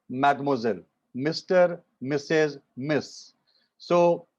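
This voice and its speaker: Indian man teaching French over a video call. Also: fairly high pitch. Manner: repeats phrases slowly for pronunciation, mixing English and Hindi. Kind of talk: online class teaching. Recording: muffled video call audio.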